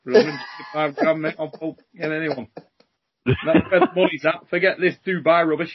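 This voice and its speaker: A man hosting a podcast, joking and chatting in slangy, energetic banter. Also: fairly high pitch, brisk, highs cut off, a little hiss or hum. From Britain. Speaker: podcast host.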